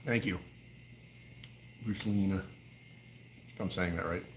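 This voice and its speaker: A man's voice: low-pitched, steady tone, measured pace, a bit bright, slight background noise. An American man hosting a whiskey livestream, chatting casually, joking and reading viewer comments. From United States. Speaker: whiskey channel host. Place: whiskey bar, indoors.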